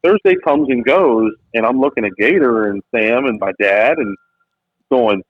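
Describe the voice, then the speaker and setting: A man, a business founder and podcast guest, telling a story in lively conversation and acting out quotes in different voices. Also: medium pitch, moderate pace, no room sound. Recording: tinny phone-like line, dry.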